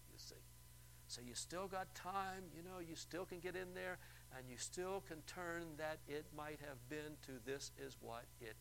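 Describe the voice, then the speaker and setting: A man's voice: sits high, gravelly, fairly bright tone, a little hiss or hum, poor audio. A male preacher telling a story in a church service and firing rhetorical questions at the congregation. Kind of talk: sermon.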